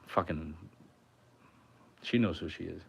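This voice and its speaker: Male streamer-musician, deep voice, rambling, profane, off-the-cuff home chat. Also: slow, creaky, breathy edge. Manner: rambling, heavy swearing. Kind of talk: casual livestream chat. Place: his home.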